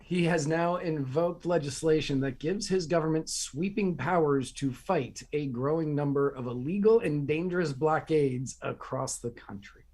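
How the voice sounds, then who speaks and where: A man's voice: fairly high pitch, normal speed, few pauses, a little mellow. Sarcastic ranting male podcast host. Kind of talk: casual political commentary.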